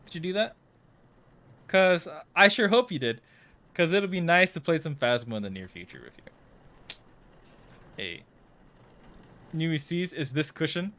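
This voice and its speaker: A young man livestreaming a horror game, talking to his chat in a jittery, nervous way and often trailing off into quiet mumbles. His voice sits a little high for a man. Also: animated, unhurried, long pauses. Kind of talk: casual live commentary while playing a horror game.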